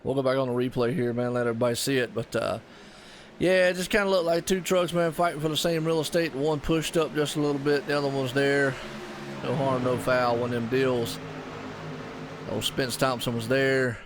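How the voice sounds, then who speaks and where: A man's voice: medium pitch, flat delivery, a little fast, background noise. A man with a Southern US accent doing laid-back, folksy play-by-play commentary on a sim racing broadcast. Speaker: race commentator.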